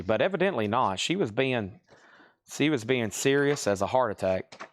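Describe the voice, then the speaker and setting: A man from the American South with a clear Southern accent hosts a live record sale. His voice sits in a middle range, and he rambles and chats casually, laughing often between his asides. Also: mid-range voice, big pitch swings, a little fast, a bit bright. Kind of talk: casual live-stream selling chat.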